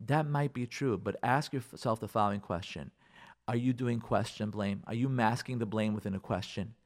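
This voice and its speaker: A rabbi talking on a radio show, giving emphatic marriage advice and acting out what spouses say to each other. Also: male voice, on the low side, normal speed. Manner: emphatic, acts out spouses' lines, uses Hebrew and Yiddish words.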